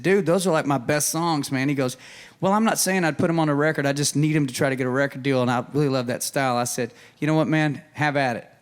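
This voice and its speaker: A man, a songwriter guest telling an animated story and acting out the dialogue on a music show. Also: fairly high pitch. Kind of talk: storytelling chat. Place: stage of a live music show.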